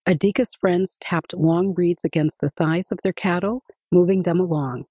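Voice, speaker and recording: A woman reading a children's picture book aloud in an expressive storytelling voice. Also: lowish voice, normal speed, hardly any pauses, slightly rough, no room sound, clean studio sound.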